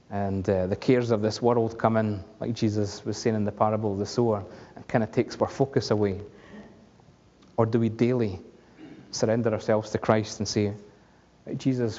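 Man, sermon, husky mellow voice, long hall reverb, dull lo-fi sound. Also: lowish voice. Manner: conversational, humorous, asks the congregation questions. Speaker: preacher.

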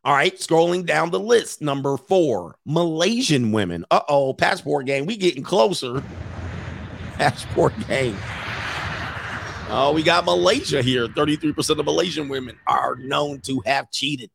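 A man hosting a casual commentary show, reacting to a list with jokes and loud exclamations. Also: a little high, animated, unhurried, creaky.

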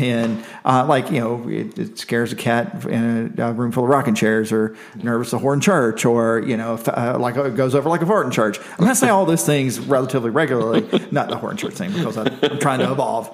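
A man in easy conversation tells animated stories and piles up folksy sayings as he goes. His voice is a plain mid-pitch male voice with no marked quirks. He speaks informally. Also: a little fast, few pauses. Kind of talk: casual chat.

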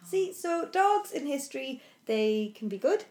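Irish woman, podcast co-host, high voice, slow speech, echoey room. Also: very animated, darkish tone. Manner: responsive listener, quick to laugh. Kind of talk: casual chat.

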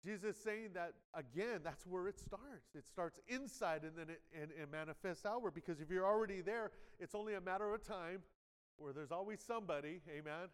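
A brisk, high-sitting male voice with a clear, resonant ring fills a church sanctuary as a pastor gives a live sermon in the spacious, echoey hall. He talks to the crowd conversationally, repeatedly asking for an "amen," and performs quoted inner voices, shifting loudness dramatically.

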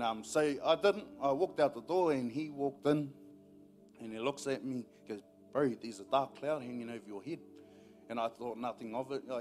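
A man's voice: medium pitch, darkish tone. Man, New Zealand accent, church testimony, laid-back storytelling, faint music underneath. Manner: casual, storytelling, laughs often. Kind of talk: personal testimony. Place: church service.

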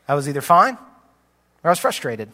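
A man in his late thirties preaching a sermon as a pastor, candid and conversational, often sinking to a low, soft voice. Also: very animated, normal speed. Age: late 30s. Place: church sanctuary. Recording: long reverb of a large hall.

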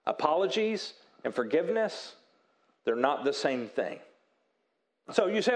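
A pastor with a medium-pitched, very animated voice preaches earnestly and emphatically, using dramatic pauses. When he acts out quoted apologies, his voice drops softly.

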